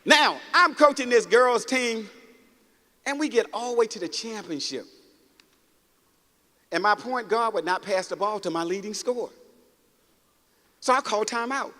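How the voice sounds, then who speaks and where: A man with a high, bright, ringing voice delivers a motivational talk to a packed auditorium. He speaks in a storytelling, preachy way and keeps calling out to the crowd. His words carry a long echo through the hall, and audience laughter rises now and then. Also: animated, moderate pace, pauses often. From Mississippi, United States. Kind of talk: motivational speech. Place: large auditorium.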